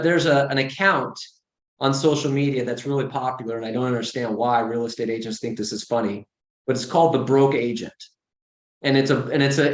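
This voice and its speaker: A man with a somewhat high voice gives an informal coaching talk, blunt and animated, dropping sarcastic asides. The recording carries a roomy echo. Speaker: real estate coach.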